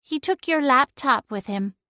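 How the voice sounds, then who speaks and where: A woman's voice: high-pitched, animated, a little slow, pushed and bright, dry recording, studio quality, pitched above the performer's own voice, exaggerated voice. A woman voicing a smug, sly female talking cat who teases with drawling, passive-aggressive innocence. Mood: smug teasing.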